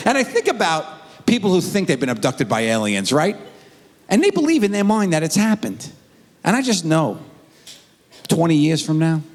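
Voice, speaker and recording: A middle-aged man performing a stand-up comedy routine, telling a story with animated delivery and acted-out voices. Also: fairly high pitch, in a large hall, a little hiss or hum.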